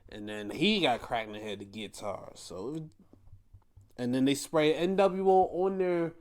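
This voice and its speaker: A man's voice: mid-range voice, unhurried, a little mellow. A young man hosting a podcast, giving a profane, exasperated rant in casual commentary. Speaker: podcast host.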